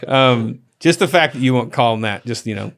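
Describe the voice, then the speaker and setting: Man, podcast host, casual chat, rambling, lots of restarts, middle pitch. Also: a bit bright.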